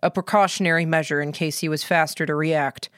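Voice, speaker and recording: A woman's voice: sits low, steady tone, a little fast, no room sound, clean studio sound, lightly acted. A woman reading the part of a stern, calculating male military commander in an audiobook, giving clipped orders. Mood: commanding. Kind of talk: audiobook character voice.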